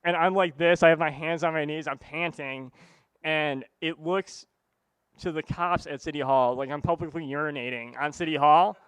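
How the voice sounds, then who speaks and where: A man's voice: a little high, moderate pace, a bit bright, smooth, dry recording. A man telling a funny personal story to a live audience in a casual, rambling way, full of "like" and "you know.". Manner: casual, rambling, heavy use of "like".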